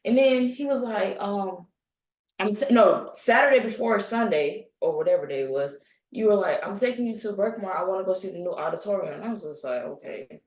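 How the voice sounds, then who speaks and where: A woman's voice: medium pitch, brisk, darkish tone, distant mic. A young woman chatting casually as a podcast guest, telling a story with animation and acting out the voices of the people she quotes. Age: young adult. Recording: echoey room, a bit off-mic.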